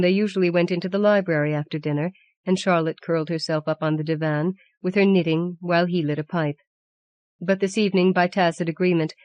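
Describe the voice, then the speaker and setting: Woman reading a classic story, steady measured pace, dry close recording. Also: lowish voice, no echo. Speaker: audiobook narrator. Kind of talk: scripted narration.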